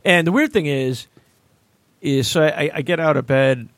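A man's voice: on the high side, normal speed, no echo. Comedian guest, male, tells wild stories with acted-out voices, dry studio mic. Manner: animated, jokey, acts out voices in his stories, laughs often. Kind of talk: casual storytelling interview. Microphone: studio microphone and headphones.

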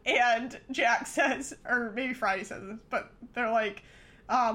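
A woman's voice: fairly high pitch, steady tone, slow pace, bright, forceful tone. A woman co-hosting a casual podcast, chiming in eagerly with her own notes and plenty of "like.". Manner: enthusiastic, adds her own notes and lots of "like". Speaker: podcast co-host. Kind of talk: casual chat.

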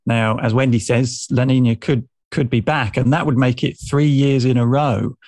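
A man with an English accent, an editor explaining news on a podcast in a measured, informative way. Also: medium pitch, fairly even intonation, darkish tone, no room sound, studio quality.

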